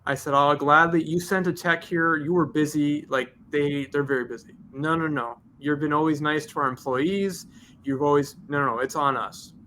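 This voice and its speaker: A man's voice: a little high, normal speed, a little hiss or hum. A man, a detailing shop owner telling a long story on a podcast and acting out both sides of the dialogue. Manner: animated, acts out both sides of conversations.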